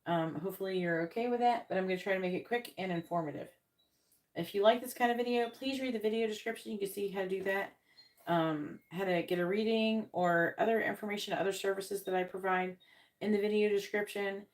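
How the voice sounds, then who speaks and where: A woman's voice: medium pitch, fairly even intonation, brisk. A tired woman hosting a tarot live stream, chatting casually and rambling, with many ums and self-corrections.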